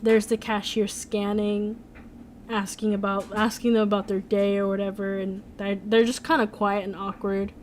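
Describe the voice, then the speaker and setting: A woman's voice: medium pitch, level tone, normal speed, slight background noise. A young woman streamer chatting casually, rambling with lots of "like" and "um". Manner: rambling, full of "like" and "um". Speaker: streamer, animator. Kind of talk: casual live-stream chat.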